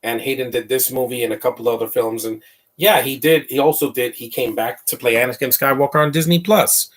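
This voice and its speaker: A husky-voiced man talking over a film at a mid-range pitch, loose and opinionated, stumbling on repeated words as he goes. He sits a little back from the mic, so his voice sounds slightly distant. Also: fairly even intonation, a little fast. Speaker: movie commentator. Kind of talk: casual live film commentary.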